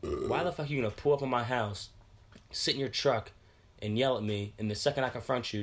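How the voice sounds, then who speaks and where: A man's voice: mid-range voice, fairly quick. A man in his twenties in a casual chat, telling a rambling, profane story and stumbling over repeated words.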